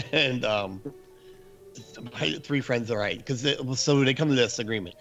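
A man casually telling a spooky story from his youth, animated and laughing, acting out his friends' screams. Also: medium pitch, measured pace, muffled recording, faint music behind.

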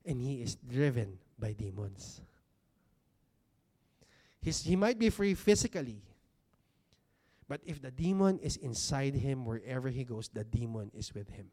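A man preaches at medium pitch with big pitch swings and a slightly mellow tone, addressing a congregation seated in a church hall. The sermon feels conversational, dotted with rhetorical questions, and he stresses key words by stretching them out slowly.

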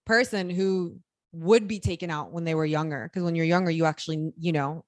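A woman's voice: low-pitched, steady tone, fairly quick, no echo, clean studio sound. A young woman co-hosting a casual chat podcast, telling stories in a chatty way and laughing as she talks. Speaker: podcast co-host.

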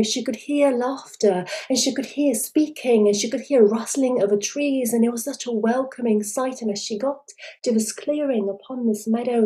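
A woman telling a folk tale in a soft, dramatic storybook narration. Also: on the high side, low-quality recording.

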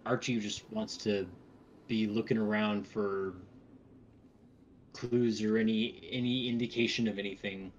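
A man's voice: on the low side, fairly even intonation, unhurried, slight background noise. A man playing in a tabletop game, chatting playfully and often stumbling over his words. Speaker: player. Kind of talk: casual tabletop play. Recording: slightly dull, lo-fi mic.

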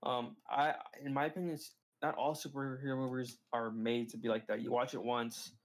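A man co-hosting a podcast in casual chat, enthusiastic and talking in quick bursts. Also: mid-range voice, little pitch movement. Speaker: podcast co-host.

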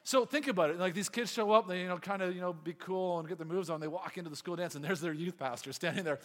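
A man's voice: sits high, fast. A man who is a youth pastor, telling a story in a sermon and acting out the voices of the people in it. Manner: animated, acts out quoted voices. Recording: long hall reverb.

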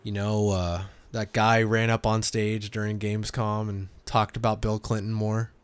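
A man co-hosting a podcast in casual chat, wry and quick to laugh. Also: on the low side, flat delivery, clean tone. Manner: wry, laughs often, loose joking tone. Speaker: podcast co-host.

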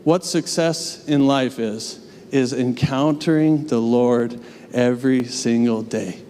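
A man's voice: mid-range voice, takes it slowly, mellow, slight background noise. A young adult man preaching a sermon in a church, earnest and conversational, with casual asides. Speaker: pastor. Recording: long church reverb.

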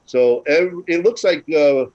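A man with a slightly high voice hosts a podcast. He introduces people in an easygoing, chatty way. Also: measured pace, a little mellow, dull audio. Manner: easygoing, laughs between lines. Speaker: podcast host. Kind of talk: casual podcast chat.

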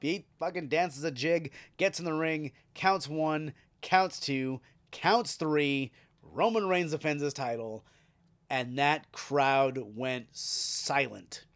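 A man hosting a podcast, recapping a wrestling show in a casual, animated and profane way, laughing as he retells it. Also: a little high. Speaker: podcast host.

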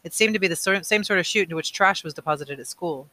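A man's voice: high-pitched, fast talker, bright, forceful tone. A man reading a novel aloud, plainly, with small slips he corrects as he goes. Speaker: audiobook reader.

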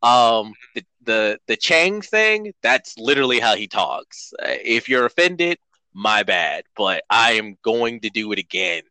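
Bright, lively-voiced male podcast host. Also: mid-range voice, measured pace, no room sound, poor audio. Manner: laughs often, rambling, jokey and apologetic. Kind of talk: casual chat while playing a video game.

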